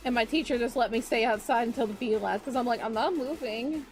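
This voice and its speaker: A woman's voice: fairly high pitch, fairly even intonation, quick pace, soft background music. Chatty young woman, rambling anecdotes. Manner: rambling anecdotes with fillers and voiced quotes. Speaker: VTuber streamer. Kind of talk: casual chat while drawing.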